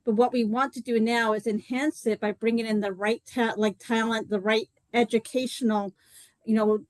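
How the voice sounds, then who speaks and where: A woman's voice: on the high side, fairly even intonation, moderate pace, no echo, low-quality recording. A woman telling a long personal story in a live online talk, chatty and rambling, full of "like" and "you know.". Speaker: co-host presenting a detox program.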